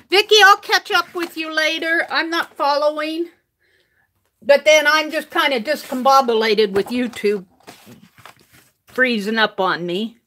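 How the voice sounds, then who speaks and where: Her pitch is high and bright, and she delivers lines with a forceful tone. She's an older woman streaming live from her home craft room, chatting loosely about her crafts, reading viewer comments out loud and laughing a lot.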